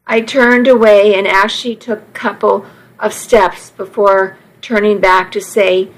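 Female audiobook narrator, unhurried first-person storytelling, measured delivery. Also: medium pitch, fairly even intonation, poor audio.

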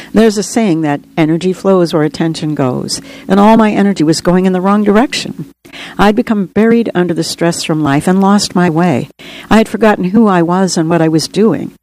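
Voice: medium pitch, darkish tone, low-quality recording. Earnest, reflective audiobook memoir narrator.

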